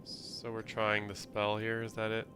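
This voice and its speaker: A man's voice: lowish voice, completely flat delivery, unhurried, sharp tone, faint music behind. A man playing a cleric in a tabletop game, chatting casually and laughing often at himself. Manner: laughs often, self-mocking. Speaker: player.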